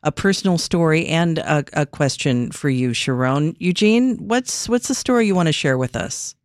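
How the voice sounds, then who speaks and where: A radio host running a call-in show, speaking gently and reassuringly to callers and a guest. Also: mid-range voice, animated, moderate pace, dry recording, studio quality.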